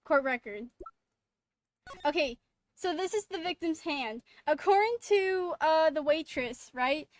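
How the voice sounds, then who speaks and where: A young woman streamer chatting casually and excitably while playing, rambling and often laughing. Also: high-pitched, a little slow, no room sound. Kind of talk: casual let's-play chat.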